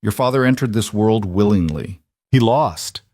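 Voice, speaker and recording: A man voicing a cold, commanding middle-aged crime boss with an Italian accent, speaking deliberately and with quiet menace. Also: on the low side, animated, no room sound, studio quality, natural voice. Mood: menacing.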